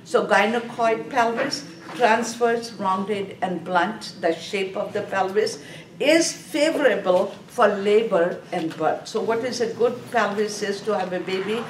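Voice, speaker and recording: A woman's voice: medium pitch, measured pace. Woman lecturing in an echoey classroom. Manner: repetitive, drilling key terms, checks in with class. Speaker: nursing exam instructor. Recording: echoey room, from far off, faint hiss.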